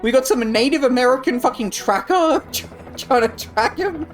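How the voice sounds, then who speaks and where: A woman streamer in rambling, profane live commentary who swears constantly and gets loudly excited. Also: sits high, moderate pace, faint music behind. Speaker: livestreamer.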